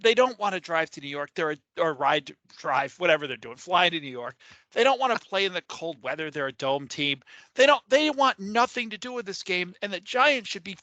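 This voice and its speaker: A man's voice: high voice, animated, brisk, pushed and bright, no echo, dull audio. A man co-hosting a casual sports podcast, emphatic and repeating words as he gets worked up. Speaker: podcast co-host.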